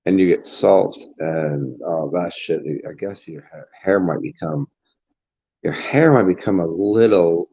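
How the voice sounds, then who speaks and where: His voice is deep, mellow and slightly rough as he rambles through a profane, casual monologue in the role of a spiritual vlogger. He often restarts sentences, recorded in dull lo-fi.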